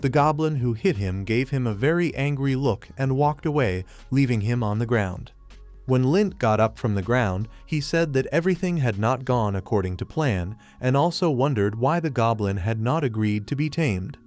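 A man narrating a manga recap in a flat, retelling manner, recounting each scene in reported speech. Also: medium pitch, normal speed. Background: faint music.

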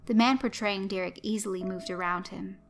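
A woman narrating a story in a steady, even storytelling manner. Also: mid-range voice, a little fast.

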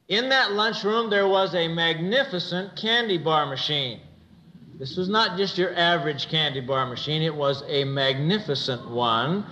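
A middle-aged American man giving a motivational church talk, telling a humorous story with lively delivery. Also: fairly high pitch, low-quality recording. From United States. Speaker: church speaker. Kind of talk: motivational sermon.

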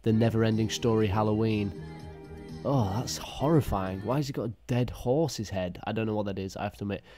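A man giving crude, mocking reaction commentary with deadpan asides. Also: lowish voice, a little fast, music in the background. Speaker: YouTube commentator.

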